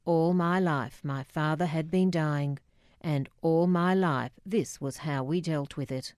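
A middle-aged woman reading a memoir aloud, measured and quietly emotional, voicing the dialogue herself. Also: deep voice, clean tone, dry recording, studio quality. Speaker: narrator.

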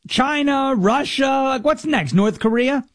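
Man, sarcastic news riffer, high voice, dry close sound, jokey asides. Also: unhurried, no echo. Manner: stumbles over words, restarts. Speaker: commentator reading news. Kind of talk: casual news commentary.

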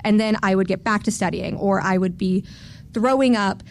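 A woman's voice: medium pitch, normal speed, slight background noise. A woman in her twenties telling a personal story to an audience in a candid, self-mocking way, laughing as she goes.

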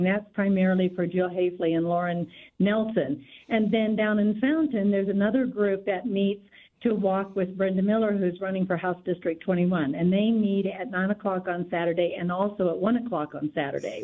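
A woman guest on a radio interview, speaking steadily and laying out volunteer details one after another. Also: medium pitch. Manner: steady, informative, lists details. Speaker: guest, local party volunteer organizer. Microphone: telephone. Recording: tinny phone line.

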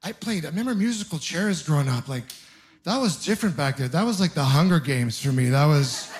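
A young man from Ontario doing a stand-up comedy set in a club, telling self-deprecating, exasperated stories with quick asides. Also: on the high side, animated. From Canada (Ontario). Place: comedy club stage with audience laughter.

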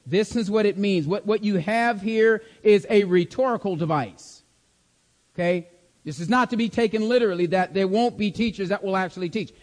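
Emphatic high-voiced male preacher. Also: normal speed, a little mellow, long reverb tail. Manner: emphatic, repeats key words, asks the class to follow along. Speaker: preacher teaching a Bible study. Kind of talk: sermon-style Bible teaching.

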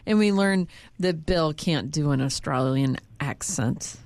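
A woman's voice: low-pitched, unhurried, a little mellow, a little hiss or hum. A woman co-hosting a radio show, teasing and giggling as she reads out items. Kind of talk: casual radio banter.

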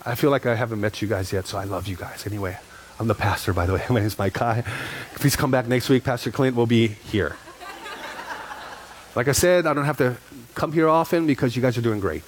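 A man in his forties preaching a sermon as pastor, telling a personal story with quick asides and repeated phrases. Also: mid-range voice, slight background noise.

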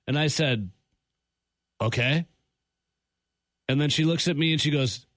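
A man hosting a morning radio show, telling an airport story with animated, incredulous asides. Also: a little high, measured pace, pauses often, no echo, clean studio sound. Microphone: studio microphone.

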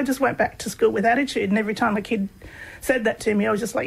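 Gravelly husky Australian woman. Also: on the high side, quick pace, rough recording. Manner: relaxed, rambling, peppered with "you know" and "um". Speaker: guest, researcher on humour. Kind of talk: casual conversational storytelling.

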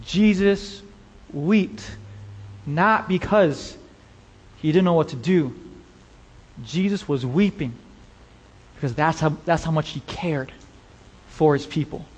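A man's voice: on the high side, slow pace, pauses often, a little mellow, breathy edge, muffled recording. A male pastor preaching a passionate sermon and speaking directly to his congregation. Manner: impassioned, addresses the congregation directly. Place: church sanctuary. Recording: long reverb of a large hall.

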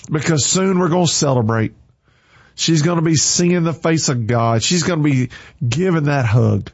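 A man's voice: on the high side, expressive, moderate pace, no echo. Fervent preachy man on a livestream. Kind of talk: faith-filled livestream talk. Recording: slightly dull lo-fi sound.

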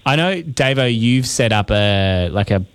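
A man's voice: medium pitch, expressive, measured pace, smooth, dry recording. A man with an Australian accent hosting a radio show, casual and jokey, laughing often. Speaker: radio host. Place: radio studio.

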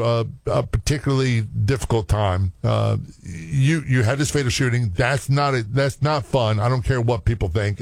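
A man at an ordinary pitch asks his questions haltingly, repeating words as he works toward what he means. He sounds close and dry, with no room around him. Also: darkish tone, no echo. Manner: halting, restarts questions often. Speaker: podcast host, former police officer. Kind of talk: interview hosting.

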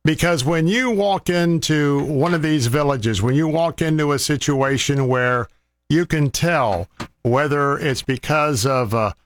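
A man's voice: a little high, measured pace. A man hosting a faith talk show, making a heartfelt, rambling fundraising appeal with many restarts.

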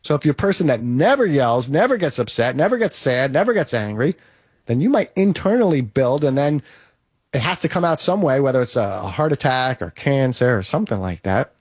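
A man's voice: medium pitch, sing-song, fairly quick, darkish tone, dry recording, studio quality. A man giving an emphatic, repetitive motivational monologue, coaching the listener.

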